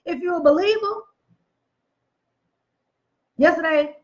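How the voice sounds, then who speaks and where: A woman's voice: extremely high pitch, takes it slowly, a little mellow, highs cut off. A woman giving a casual motivational talk, emphatic and preachy, repeating phrases for effect, with chatty folksy asides. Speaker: motivational speaker.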